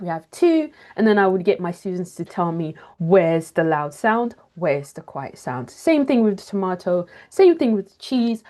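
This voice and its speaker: A woman speaking over a video call as she leads a teaching webinar. She sounds upbeat and walks through each step with clear examples. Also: mid-range voice, dark tone. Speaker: teacher trainer. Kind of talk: webinar presentation.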